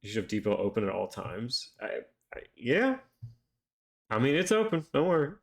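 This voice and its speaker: A man with a gravelly, sing-song, mid-range voice streams a visual novel at a moderate pace, reading all the characters' dialogue himself over game music. Between scenes he chats casually with his audience and swears loosely.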